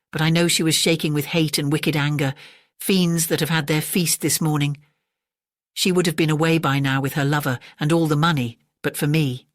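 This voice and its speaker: The narrator voicing a placid, sneering manservant in a bedtime audiobook, in a clear, even tone. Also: mid-range voice, dry recording, clean studio sound, close to an everyday voice.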